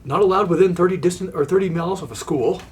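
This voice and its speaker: A man's voice: high voice, a little hiss or hum. Joking man hosting a gaming chat. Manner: joking, quick banter. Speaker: gaming channel host. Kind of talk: casual chat while gaming.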